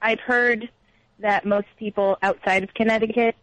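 A woman's voice: mid-range voice, fairly even intonation, normal speed, fairly bright tone, no room sound, highs cut off. A woman from Massachusetts calling in to a radio show, talking hesitantly with many ums. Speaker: caller. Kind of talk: call-in radio chat.

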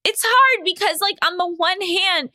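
A woman co-hosting a podcast in casual chat, animated, laughing and questioning herself as she talks. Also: extremely high pitch, measured pace, no room sound, studio quality. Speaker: podcast co-host.

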